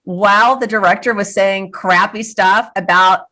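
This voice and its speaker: A middle-aged woman chats openly as an interview guest, at a medium pitch. She sounds earnest and reflective. She often stops and restarts her phrases as she thinks aloud. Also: fairly even intonation, a little slow, bright, forceful tone. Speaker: guest, filmmaker. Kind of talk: casual interview chat.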